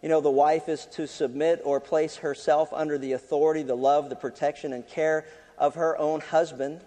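A pastor with a fairly high voice, talking his congregation through a story and a Bible passage. He speaks conversationally and often restarts his words. The sound carries a long reverb from the large hall. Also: little pitch movement, normal speed, dark tone. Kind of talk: sermon.

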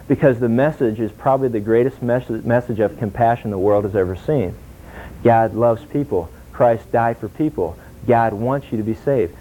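Animated male preacher, tinny recording. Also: mid-range voice, a little hiss or hum. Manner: animated, acts out dialogue, asks the audience questions. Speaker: pastor teaching a class. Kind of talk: sermon.

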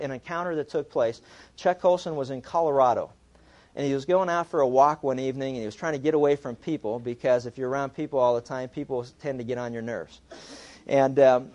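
A man's voice: on the high side, a little mellow. A man preaching a sermon in a conversational way, acting out voices as he reads a story aloud. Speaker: pastor.

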